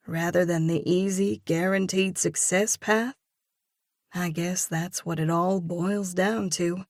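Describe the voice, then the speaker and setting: A woman narrating an audiobook in a measured, reflective first-person reading. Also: on the low side, fairly even intonation, dry recording, clean studio sound.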